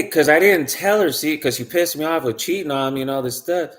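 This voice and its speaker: Man, casual storytelling monologue, rambling, emphatic, swears, mid-pitched voice. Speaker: spiritual vlogger.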